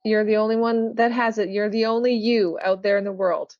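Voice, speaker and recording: A woman's voice: medium pitch, steady tone, fairly quick, darkish tone, dry recording. A woman who sings in a band, a guest in a casual interview, talking earnestly and laughing easily. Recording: dull lo-fi dry sound.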